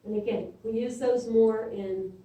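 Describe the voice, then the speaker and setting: A middle-aged woman instructor teaches a class in a relaxed, conversational way, pausing to check her students follow. Her voice sits a little high but sounds mellow. She is recorded from a distance in an echoey classroom with a faint hiss behind her. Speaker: imaging instructor. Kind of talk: classroom lecture. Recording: echoey room from far off.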